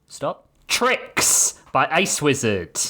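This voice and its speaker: A man's voice: on the high side, wildly swooping pitch, extremely slow, pushed and bright. A man hosting a podcast, chatting casually and running through plugs with a laid-back, self-mocking manner and frequent laughter. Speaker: podcast host. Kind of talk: casual banter and sponsor plugs.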